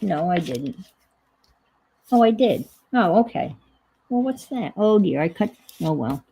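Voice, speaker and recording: A woman chats casually while she crafts, rambling and thinking aloud with self-deprecating asides. Her voice is low, gravelly and breathy. She talks slowly and unhurriedly. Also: animated, dark tone, rough recording. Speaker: crafting livestream host.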